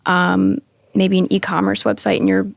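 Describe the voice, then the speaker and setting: A woman with a gravelly, fry-heavy voice talks on a podcast, working through her point hesitantly with lots of fillers. The sound is dry and close to the mic. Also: on the low side, very animated, normal speed, dry recording. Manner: hesitant, with many "um" and "I mean". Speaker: podcast guest. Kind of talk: casual podcast chat.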